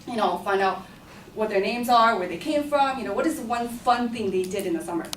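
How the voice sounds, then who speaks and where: A woman's voice: fairly high pitch, animated, a little fast, noisy background, close to an everyday voice. A young woman doing a strict scolding teacher. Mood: instructing. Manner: curt, scolding. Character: strict, nitpicking female schoolteacher. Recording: echoey room, far from the mic.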